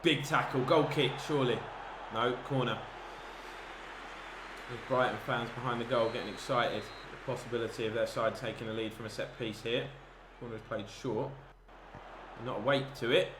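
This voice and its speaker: Excitable man calling a football game. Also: mid-range voice, moderate pace. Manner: excitable, bursts into shouts at chances. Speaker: gaming commentator. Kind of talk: live football game commentary. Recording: echoey room with background noise.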